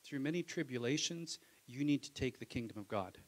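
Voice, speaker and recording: A male pastor preaching a sermon in a casual, conversational way, acting out biblical voices and swinging from soft asides to loud calls. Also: medium pitch, animated, fairly quick.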